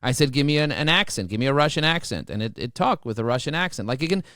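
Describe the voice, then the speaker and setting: A man talking as a podcast guest, emphatic and motivational, often repeating words as he rushes ahead. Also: mid-range voice, dry recording, clean studio sound. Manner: repeats words when excited. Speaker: podcast guest, marketing expert. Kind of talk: energetic podcast interview.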